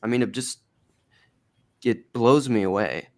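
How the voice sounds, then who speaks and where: A man co-hosting a livestream, chatting in a relaxed, rambling way. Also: medium pitch, a little slow. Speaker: livestream co-host. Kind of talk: casual chat.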